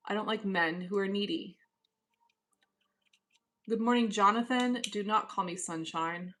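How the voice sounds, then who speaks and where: A woman's voice: medium pitch, measured pace, long pauses, a bit bright. A woman hosting a live stream from home, reading chat messages aloud and answering in a cool, dismissive casual manner. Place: at home, indoors.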